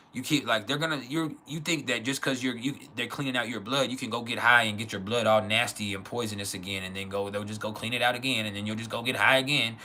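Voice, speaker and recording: A man's voice: medium pitch, sharp tone, a little hiss or hum. A young man hosting an astrology livestream, telling a personal family story in a candid, rambling, emotional way with plenty of swearing.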